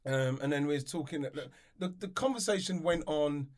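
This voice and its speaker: A man co-hosting a podcast, telling animated anecdotes, repeating words and dropping low when quoting others. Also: moderate pace. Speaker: podcast co-host, former footballer. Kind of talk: casual storytelling chat.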